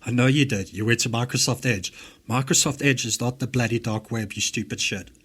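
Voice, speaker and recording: A man's voice: mid-range voice, fairly quick, fairly bright tone, slightly rough. A South African man hosting a reaction video, ranting angrily and mockingly with lots of swearing. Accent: English-speaking South African. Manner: angry, swearing, mocking rants. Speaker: host reacting to a recording. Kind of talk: profane reaction commentary.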